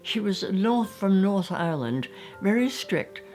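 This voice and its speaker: A woman's voice: medium pitch, big pitch swings, a little slow, darkish tone, faint music behind. An older woman with an English accent, reminiscing about her school days and acting out little scenes as she tells them. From England. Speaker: storyteller. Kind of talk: recounting childhood memories.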